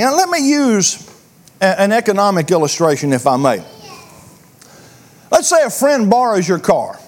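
Male preacher, high voice, earnest questioning sermon delivery, repeats words. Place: church.

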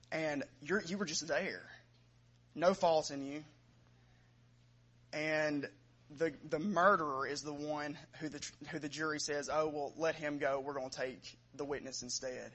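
A man's voice: fairly high pitch, fairly bright tone. A man preaching a sermon, reading scripture aloud with rising emphasis and then speaking plainly to his congregation.

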